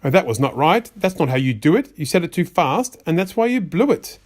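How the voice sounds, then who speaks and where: A fussy, exasperated white rabbit from a rhyming storybook, put on by a man. He scolds in a sing-song way, his slightly high voice swooping up and down with lively pitch. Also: brisk.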